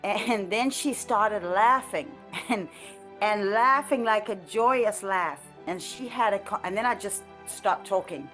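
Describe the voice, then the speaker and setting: A woman sharing a personal prayer testimony in an earnest, halting way, with frequent restarts and light laughter. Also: medium pitch, a bit bright, faint music behind. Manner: halting, with many restarts and fillers. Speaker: ministry trainee sharing a testimony. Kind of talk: conversational testimony.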